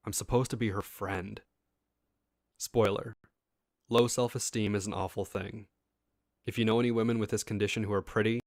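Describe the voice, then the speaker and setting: A man's voice: lowish voice, dry recording, clean studio sound. A man reading a first-person internet story aloud in a casual style, with asides to his listeners. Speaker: story reader.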